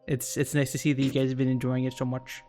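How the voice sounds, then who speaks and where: A man hosting a casual stream, easygoing and quick to laugh, often repeating words. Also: medium pitch, flat delivery, a little mellow, soft background music. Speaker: streamer host.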